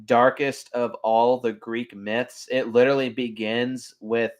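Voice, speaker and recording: A man casually reviewing his favorite animated films, chatty and enthusiastic, with frequent ums. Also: mid-range voice, measured pace. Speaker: film reviewer. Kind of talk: casual video commentary.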